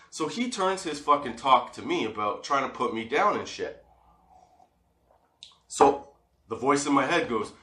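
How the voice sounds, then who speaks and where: A man vlogging, telling a personal story in casual, profane, animated talk and laughing often. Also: mid-range voice, echoey room.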